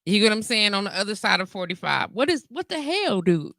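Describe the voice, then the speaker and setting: A woman's voice: mid-range voice, brisk, vocal fry, no room sound. A woman, hosting a casual live call-in show and talking candidly, with frequent laughter. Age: 40s. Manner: candid, animated, laughs often, reads comments aloud. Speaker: internet radio talk show host.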